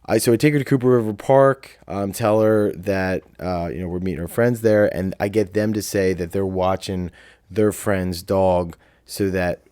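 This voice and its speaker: A young man from South Jersey rambles through a story with lots of swearing, fillers and quoted asides. His voice sits low, and the recording is dry and close. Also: fairly even intonation, normal speed, darkish tone, smooth, no room sound. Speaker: podcast co-host. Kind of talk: casual chat, storytelling.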